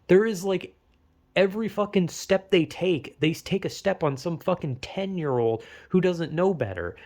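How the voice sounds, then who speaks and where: A man's voice: high-pitched, lively intonation, moderate pace, a little mellow. A young man giving a rambling, profane casual commentary, often stumbling and restarting. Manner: profane, rambling, self-interrupting with laughs. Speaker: video essayist.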